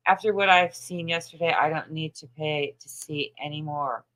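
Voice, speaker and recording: A woman in her thirties hosts a casual livestream, reading comments and bluntly gossiping about others while laughing often and swearing. Her low-pitched voice is a bit bright and moves at a moderate pace, in a low-quality recording.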